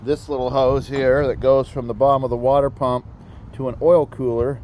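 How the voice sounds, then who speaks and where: Working on a car in a backyard garage area as the rain starts, a father with a backyard mechanic channel jokes about himself in a chatty, casual way. His voice is mid-range, level, darkish and at normal speed, with some hiss or hum present.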